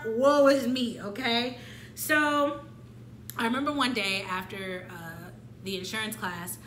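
A woman in her twenties telling a candid personal story in an animated, slangy way, acting out her own past lines. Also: mid-range voice, roomy sound, slight background noise. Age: 20s. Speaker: vlogger.

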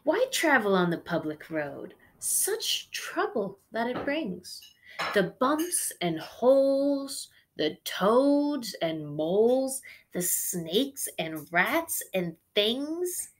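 A woman's voice: fairly high pitch, very animated, extremely slow, heavily acted. A woman doing a bragging mayfly seller. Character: boastful mayfly car seller.

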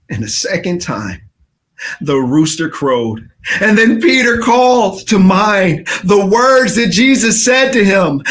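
A male pastor giving a dramatic sermon, swinging from shouting to hushed passages. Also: high-pitched, very animated, unhurried.

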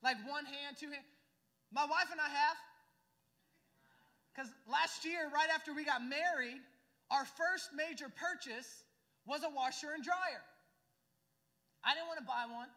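High, bright-voiced young male preacher. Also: a little slow, long pauses. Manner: emphatic preaching, rhetorical questions to the congregation. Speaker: pastor. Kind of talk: sermon. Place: church sanctuary. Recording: church hall reverb.

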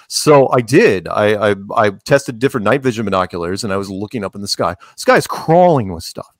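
A man talking casually as a podcast guest, rambling with jokes and animated asides. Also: on the low side, normal speed, no room sound, clean studio sound. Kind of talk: casual interview talk.

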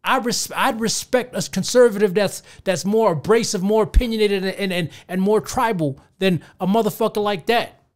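Podcast host, man, thirties, high register, casual profane rant delivered straight to listeners. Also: normal speed. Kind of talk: casual ranting commentary.

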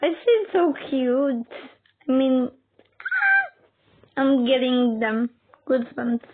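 High-voiced woman, gushing reaction talk, squeals and whoops, unhurried, muffled lo-fi sound. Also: a little hiss or hum. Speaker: reaction video host. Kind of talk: excited reaction commentary.

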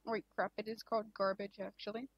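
A woman's voice: mid-range voice, little pitch movement, fairly quick, breathy edge, no room sound, highs cut off. A young woman casually chatting on a game live stream, giggly and gushing, with lots of filler words.

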